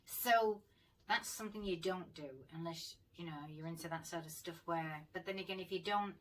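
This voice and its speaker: A woman's voice: on the low side, moderate pace, far from the mic, poor audio. A woman vlogger telling a personal story in a casual, chatty way, swearing freely and laughing often. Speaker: paranormal vlogger.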